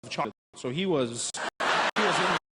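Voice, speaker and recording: A young man from South Africa doing a stand-up comedy routine, an animated storyteller who breaks into loud impressions. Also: on the high side, fairly quick, heavy background noise.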